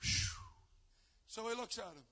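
A man preaching a live sermon at a church service, swinging between fervent shouting and a hushed storytelling tone. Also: high voice, expressive, moderate pace, creaky, big-room sound. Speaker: youth conference preacher.

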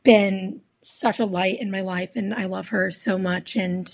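A young woman musician with a raspy voice, answering interview questions earnestly and cheerfully. Her pitch sits in the middle range. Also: steady tone, unhurried. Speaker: musician guest.

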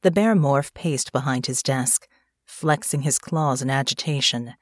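A woman narrating an audiobook in a measured, expressive way. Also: a bass voice, no echo. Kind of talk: scripted narration.

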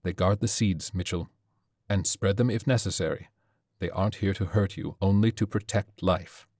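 A man voicing a secretive male scientist who speaks in a measured, quiet, explanatory way. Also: deep voice, no echo, studio quality. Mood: calm.

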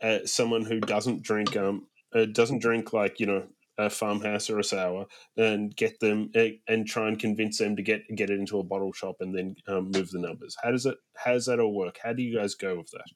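A man's voice: lowish voice, flat delivery, normal speed, few pauses. A man hosting a podcast, asking long, stop-start questions full of fillers and restarts. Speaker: podcast host. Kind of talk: casual podcast chat.

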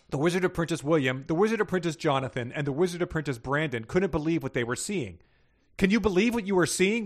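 A podcast host with a higher-voiced male tone reads stories aloud, mixing in casual chat. He voices the characters by raising his pitch and laughs often.

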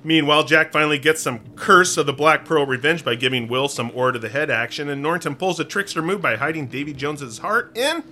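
A man's voice: a little high, fairly quick, hardly any pauses, bright, forceful tone, a little hiss or hum. A man co-hosting a casual podcast, playful and jokey, slipping into hammy pirate bits. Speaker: podcast co-host. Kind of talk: casual chat.

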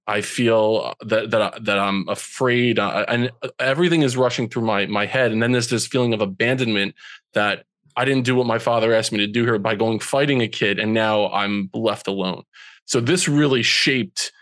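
A man's voice: fairly low pitch, a bit bright, dry recording, studio quality. A man in his forties, a podcast guest telling a personal story in an earnest, emotional way. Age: 40s. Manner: earnest, slow and emotional when recalling hurt.

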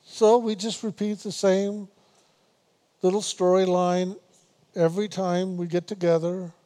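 A man with a high, mellow voice gives a spiritual meditation talk. He speaks slowly and repeats himself on purpose. He teases his listeners gently and laughs now and then. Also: level tone. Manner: unhurried, repetitive, gently teasing with laughs. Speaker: spiritual teacher.

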